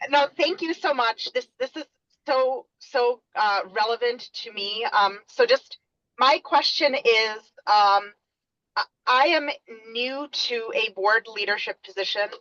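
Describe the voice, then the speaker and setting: A woman's voice: a little high, bright, forceful tone, no echo. A woman board leader asking a question on a call from her car while driving, hesitant with many fillers. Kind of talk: webinar question. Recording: dull, dry call audio.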